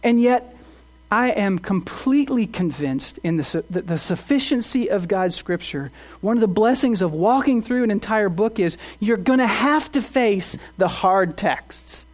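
A man's voice: high-pitched, animated, unhurried. Earnest preaching pastor, man. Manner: earnest, asks rhetorical questions, repeats words when restarting. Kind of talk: sermon.

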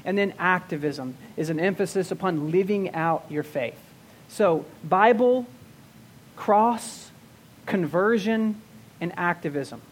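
A male pastor teaching a sermon, restarting and repeating words as he goes, slowing down to stress key terms. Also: high voice.

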